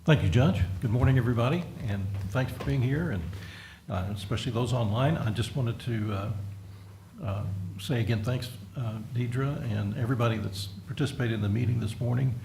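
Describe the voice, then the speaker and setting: A gravelly-voiced man speaks as a county magistrate at a public meeting. He talks in an easygoing, folksy way full of fillers. The sound is roomy, with a faint hum behind him. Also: medium pitch, darkish tone. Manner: folksy, many pauses and fillers. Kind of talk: council meeting remarks.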